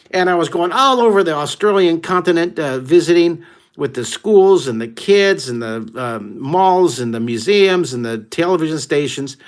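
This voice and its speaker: A middle-aged American man leading a live online drawing lesson for kids, telling stories with excited whoops. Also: a little high. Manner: exuberant, exclamatory storyteller who whoops often. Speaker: art teacher hosting a live drawing class.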